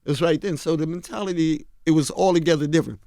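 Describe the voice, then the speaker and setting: An older man from Harlem, unhurried and storytelling as a radio interview guest, often dropping to a low, confiding tone. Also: fairly even intonation, warm tone, no room sound, studio quality. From Harlem, New York. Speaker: guest, fashion designer. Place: radio studio. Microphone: studio mic.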